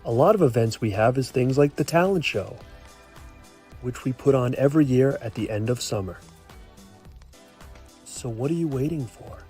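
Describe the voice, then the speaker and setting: A man voicing a sultry male camp promo announcer in a soft, seductive, whispered role-play, with a slow, smooth sales pitch. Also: animated, faint music behind.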